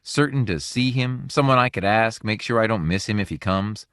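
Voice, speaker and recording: A guarded stranger in an audiobook who speaks carefully and hesitantly, as a male reader voices him. The voice is deep and close, with a dry sound. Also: moderate pace, a bit bright, dry recording, lightly acted.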